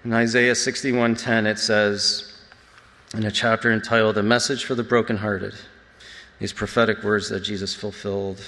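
An earnest man with a fairly low voice, giving a reflective personal testimony as a sermon. His voice rings out with the long reverb of a large hall. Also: little pitch movement, moderate pace, pushed and bright. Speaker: church speaker.

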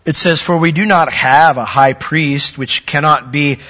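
A man preaching a sermon, earnest, growing louder and higher when he acts out a worshipper's doubts. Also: measured pace. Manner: earnest, rising in pitch and force when acting out a doubting worshipper's words. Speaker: pastor. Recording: dull sound with long hall reverb.

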